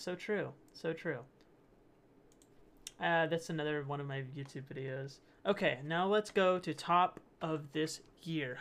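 A young man with a gravelly, slightly high voice hosts his channel in a loose, rambling way. He laughs often and trips over his own words as he reads, with a faint hiss beneath him. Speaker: channel host. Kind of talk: casual commentary reading posts.

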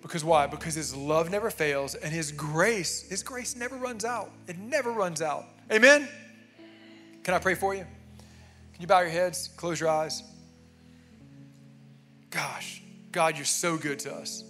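A man's voice: sits high, normal speed, fairly bright tone, soft background music. A young man preaching a sermon in a church, talking emphatically and conversationally, often calling out "amen". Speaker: pastor. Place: church sanctuary.

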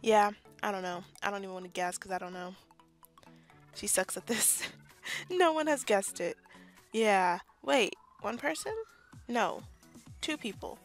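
A woman's voice: medium pitch, a little slow, pauses often, faint music behind. A young woman casually commenting on her gameplay, chatty and self-deprecating, often laughing. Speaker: gaming YouTuber. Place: bedroom at home.

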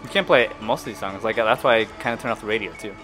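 A man hosting a casual gameplay session, excitable and laughing, yelping at crashes. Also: on the low side, fast talker, music in the background. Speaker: gameplay host.

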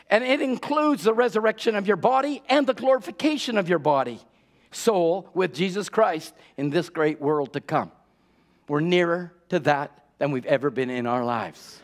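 A pastor with a high voice preaches a sermon in an urgent, exhorting way. He repeats key words for emphasis and asks rhetorical questions, urging the congregation on as saints.

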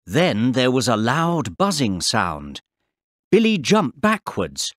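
A man narrating a story slowly and clearly for English learners. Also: mid-range voice, no room sound, clean studio sound. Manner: deliberate, expressive reading for learners. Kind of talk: slow, clear textbook narration.

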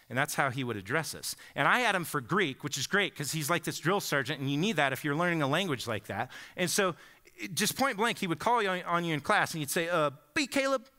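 A man's voice: on the high side, sharp tone. A man in his forties from the Pacific Northwest preaching a sermon, telling stories in a conversational way and often checking in with the congregation. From Bend, Oregon. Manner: conversational storytelling, often asks the congregation "right?". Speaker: pastor.

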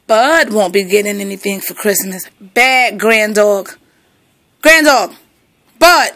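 A woman's voice: mid-range voice, slow pace, fairly bright tone. A woman filming her dog at home on a phone, mock-mourning a chewed toy and scolding the dog with theatrical drama. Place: at home indoors.

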